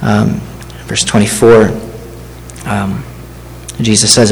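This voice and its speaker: A male pastor delivers a sermon in a measured, earnest voice of middling pitch. The sound carries a long reverb, and a faint hum sits beneath it. He often stops to ask his listeners questions. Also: level tone, vocal fry. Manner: earnest, deliberate, rhetorical questions to the congregation. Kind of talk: expository sermon.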